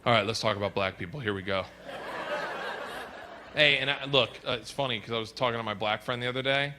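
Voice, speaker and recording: A man doing a stand-up routine in a wry, deadpan way with mock-earnest asides. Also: medium pitch, brisk. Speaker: stand-up comedian. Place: live comedy stage before an audience. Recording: noisy live stand-up recording.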